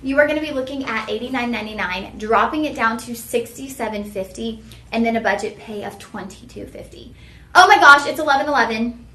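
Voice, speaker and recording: A woman's voice: a little high, a bit bright, reverberant. A woman hosting a live shopping stream, chatty and heartfelt, talking straight to her viewers. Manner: chatty, heartfelt, folksy "y'all" address. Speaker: shopping channel host.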